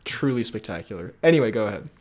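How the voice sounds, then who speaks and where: A man's voice: fairly low pitch, lively intonation, quick pace. A young man co-hosting a podcast in casual chat, rambling and laughing often. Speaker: podcast co-host.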